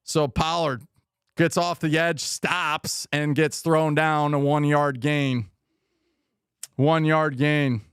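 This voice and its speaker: A man's voice: on the high side, fairly even intonation, slow pace, fairly bright tone, smooth, no echo, clean studio sound. A man hosting a live football watch party stream, giving rambling, frustrated commentary on plays and reading viewer comments aloud. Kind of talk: live game commentary and chat.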